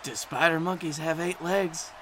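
A man voicing a timid, bewildered co-commentator who drops deadpan asides. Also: a little high, normal speed, a little hiss or hum. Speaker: co-commentator character.

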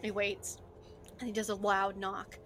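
A woman's voice: medium pitch, monotone, measured pace, a bit bright, slight background noise. A woman narrating a tabletop game as game master, in a chatty, filler-heavy way.

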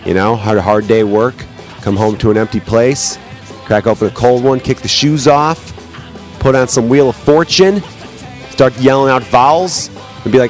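A man's voice: mid-range voice, moderate pace, soft background music. A man hosting his own podcast as a comedian. He talks in loose, joking, profane bar-talk banter, recorded on a podcast microphone at home. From United States. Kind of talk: casual solo podcast chat.

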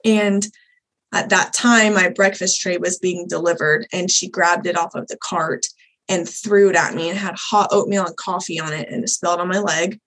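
A young adult woman, a birth doula, telling her own birth story as a guest in a podcast interview, candid and animated, voicing the people she quotes. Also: lowish voice, moderate pace, low-quality recording. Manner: candid, animated retelling, acts out quoted dialogue.

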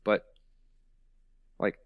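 A man's voice: drawn-out words, dry recording, narrow, tinny audio. A man hosting a podcast in casual chat, explaining his point and repeating words for emphasis. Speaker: podcast host.

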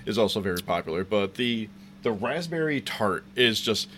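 A man co-hosting a casual podcast, wry and teasing with quick asides. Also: on the low side, lively intonation, fairly bright tone, slight background noise. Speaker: podcast co-host. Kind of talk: casual chat.

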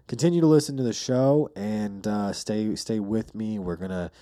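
Male podcast host, loose profane storyteller, low-ish warm tone. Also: moderate pace. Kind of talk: casual solo podcast monologue.

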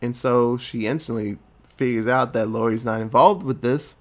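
A man casually retelling a movie plot in a lively, profane storytelling way. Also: medium pitch, normal speed. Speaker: movie recapper.

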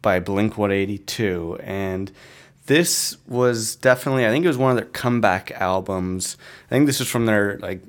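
A man with a fairly low-pitched voice hosts a music podcast, speaking at normal speed. His casual chat is rambling and chatty, and he's easily amused.

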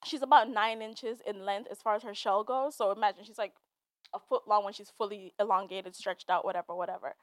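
A young woman hosts a podcast solo, her voice medium in pitch, steady, and brisk, with no echo. In a casual monologue she tells a personal story candidly, swearing as she goes, turning teary and laughing through the tears.

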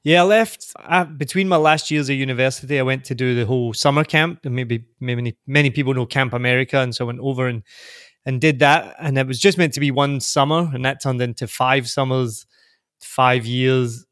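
A man from Glasgow with a soft Scottish accent, talking as a guest on a podcast. He is upbeat and easygoing, laughs easily and stumbles over the starts of his sentences. He sounds dry and close to the mic, with a middle pitch. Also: steady tone, fairly quick, no echo. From Scotland. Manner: chatty and upbeat, laughs often, repeats words when starting sentences. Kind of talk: casual interview chat.

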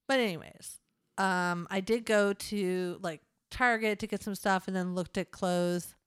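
A woman's voice: mid-range voice, fairly even intonation, a little slow, clean tone, no echo, clean studio sound. A woman in her forties co-hosting a podcast, chatting casually and poking fun at herself with frequent laughter. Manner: chatty, self-mocking, laughs often. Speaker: podcast co-host. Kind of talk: casual chat.

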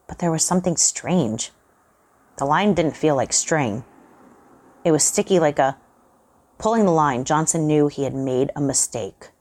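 Very deep-voiced woman reading horror. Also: measured pace, pauses often, darkish tone. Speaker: host and reader. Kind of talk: dramatic horror story reading.

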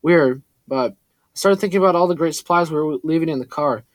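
A man reading a first-person story aloud in a steady, earnest way. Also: a little high, a little fast, dry recording. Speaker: audiobook narrator. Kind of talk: first-person scripted narration.

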